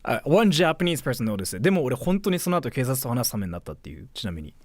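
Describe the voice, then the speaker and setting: A man's voice: mid-range voice, very animated, rapid-fire. A young man streaming and chatting casually, reading donations and telling a story in a rambling way full of "like". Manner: rambling, filler-heavy with frequent "like".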